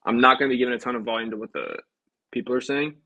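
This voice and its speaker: A man's voice: medium pitch, lively intonation, racing, sharp tone, poor audio. A man, a life insurance agent, chatting casually to livestream viewers between sales calls in a breezy, upbeat way.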